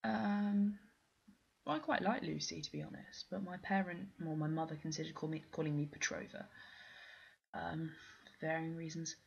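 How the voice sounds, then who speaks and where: A woman's voice: deep voice, moderate pace, gravelly, a little mellow, husky, lo-fi sound. A young woman with a posh English accent, chatting casually through a vlog question list in a rambling, self-deprecating way with lots of ums. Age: young adult. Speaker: vlogger doing an accent challenge.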